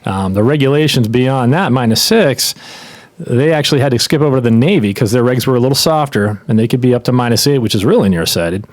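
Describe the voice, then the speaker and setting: A man who is an eye surgeon, explaining things in a measured way as a guest on a podcast. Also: medium pitch, lively intonation, darkish tone, no room sound. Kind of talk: casual podcast interview.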